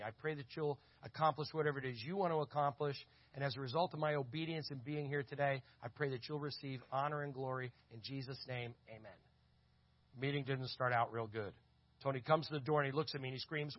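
A man telling a lively story in a sermon, acting out the voices of the people in it. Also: mid-range voice, no room sound. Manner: animated, acts out quoted voices. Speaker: conference speaker. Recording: dull lo-fi audio.

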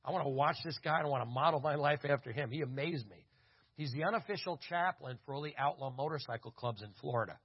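A man tells a story in a sermon, acting out what people said. His voice is husky and mid-pitched. The recording sounds dull and lo-fi. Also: fast talker. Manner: animated storyteller acting out dialogue. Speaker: conference speaker. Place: church. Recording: dull lo-fi audio.

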